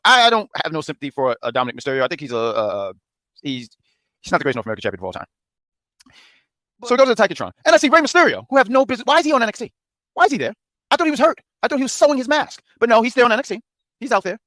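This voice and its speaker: Fast, high, animated ranting man. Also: dry recording. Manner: fast, worked-up, indignant ranting. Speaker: wrestling review host.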